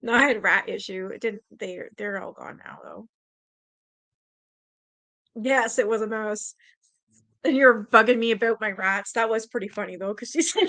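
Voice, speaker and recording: A woman's voice: medium pitch, normal speed, long pauses, a bit bright. A Canadian woman hosting a livestream, reading aloud and chatting loosely with her viewers, swearing freely and laughing often. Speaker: livestream host.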